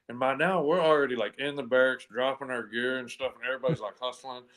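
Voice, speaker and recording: A man's voice: mid-range voice, fairly even intonation, fast talker, hardly any pauses, a bit bright. A man telling a long story in casual chat, rambling with lots of "and anyway" fillers and easy swearing. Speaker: comedy podcast co-host telling a story.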